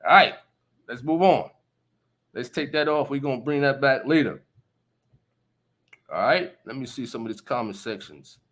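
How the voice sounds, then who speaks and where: A man's voice: medium pitch, normal speed, long pauses, fairly bright tone. A man hosting a casual live stream, talking emphatically and often asking listeners if they understand. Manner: laughs between remarks. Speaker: livestream host.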